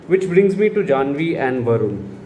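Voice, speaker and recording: A man's voice: on the high side, very animated, normal speed, warm tone. A man with an Indian English accent giving a sarcastic, exasperated film review full of rhetorical questions. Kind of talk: opinionated film review monologue. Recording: roomy echo, faint background noise.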